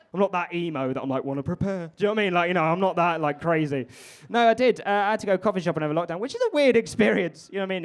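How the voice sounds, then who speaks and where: A man doing stand-up, chatty and rambling, swearing often. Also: high-pitched. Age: 20s. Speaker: stand-up comedian. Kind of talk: stand-up comedy with crowd work. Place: comedy club stage before a live audience.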